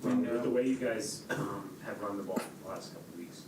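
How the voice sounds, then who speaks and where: Male reporter asking from far back. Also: lowish voice. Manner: halting, restarts his question. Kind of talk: press conference question. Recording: distant voice in echoey room, loud noise.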